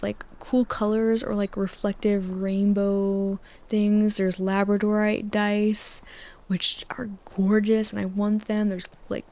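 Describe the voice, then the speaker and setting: A young woman rambling softly for a sleep-aid gaming video, drifting from topic to topic and often sliding into a whisper, close on a desktop microphone. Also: mid-range voice. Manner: rambling and tangential, many "like"s, drifting into soft whispers. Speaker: gaming channel host. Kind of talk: soft-spoken sleep-aid rambling over gameplay. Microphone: desktop USB mic.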